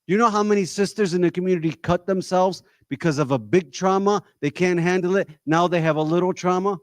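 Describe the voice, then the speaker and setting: Male discussion leader, 30s to 40s; exhorting, rhetorical, fairly high voice. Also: brisk, no room sound. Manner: direct, exhorting, rhetorical questions. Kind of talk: community talk to a live audience.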